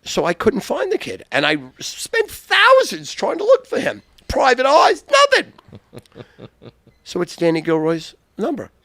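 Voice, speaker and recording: An older man telling wild stories as a podcast guest, loud and profane and laughing often. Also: very high voice, wildly swooping pitch, unhurried, gravelly, dry recording. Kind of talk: boisterous storytelling.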